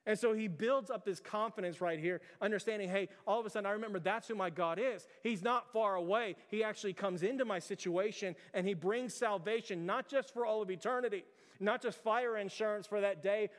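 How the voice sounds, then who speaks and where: Man preaching in a reverberant hall. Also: high-pitched. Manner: earnest, repetitive preaching with restarts. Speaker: pastor. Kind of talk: sermon.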